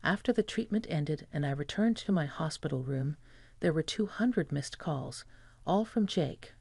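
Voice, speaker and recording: A woman narrates a revenge story in an even, measured way, her voice gravelly with fry. The tone is dark and mellow. It sits close and dry on the mic, with no room sound. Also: low voice, dry recording.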